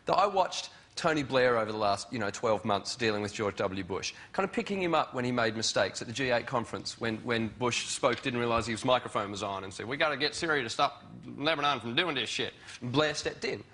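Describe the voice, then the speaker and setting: A comedian on a panel show telling a chatty anecdote with polite quoted voices. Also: male voice, medium pitch, animated, brisk, hardly any pauses, fairly bright tone. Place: TV studio with a live audience.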